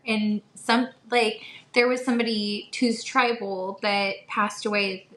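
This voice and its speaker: A woman co-hosting a podcast in chatty, animated casual conversation, quick to laugh. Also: mid-range voice. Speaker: podcast co-host. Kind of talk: casual chat. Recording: roomy echo.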